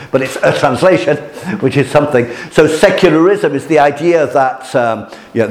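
A man's voice: medium pitch, darkish tone. A man giving an informal lecture to a class, hesitant with many restarts and fillers, chuckling at his own jokes. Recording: roomy hall echo.

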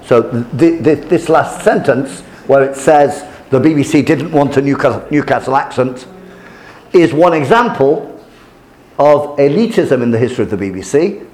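A man teaching a class as their examiner, lecturing in a halting way with many fillers and restarts. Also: mid-range voice, a little mellow.

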